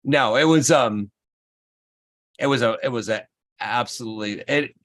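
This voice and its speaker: A man hosting a livestream in casual chat, telling an animated, rambling story. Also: medium pitch, moderate pace. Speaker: livestream host.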